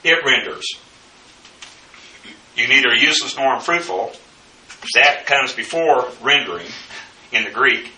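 A man teaching the Bible verse by verse, in a slow, deliberate lecturing manner with frequent fillers. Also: mid-range voice, bright, forceful tone, a little hiss or hum. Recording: echoey room, mic at a distance.

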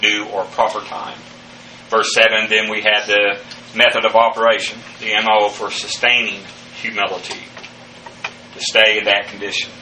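Man teaching a slow Greek word study. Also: fairly low pitch, monotone, bright, forceful tone. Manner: spells out Greek words letter by letter, many "uh" fillers. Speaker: Bible teacher. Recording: echoey room, voice from a distance, faint hiss.

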